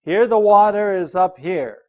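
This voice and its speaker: A man's voice: high voice, unhurried, narrow, tinny audio. An older American man teaching English, reading a story aloud and patiently explaining words while checking that listeners follow. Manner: patient, repeats phrases and checks understanding.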